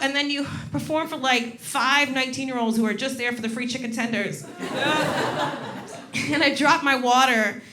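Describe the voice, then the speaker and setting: A woman comedian hosting a live show, telling stories in a brash, laughing, animated way. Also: a little high. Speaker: comedian host. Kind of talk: comedic storytelling on stage. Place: stage before a live audience. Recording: live show with crowd noise.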